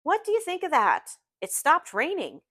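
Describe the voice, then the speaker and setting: A woman's voice: high voice, wildly swooping pitch, moderate pace, bright, forceful tone, pitched above the performer's own voice, exaggerated voice. A woman reading aloud as a fretful, grandiose young rich man, moving from urgent worry to beaming delight. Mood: elated.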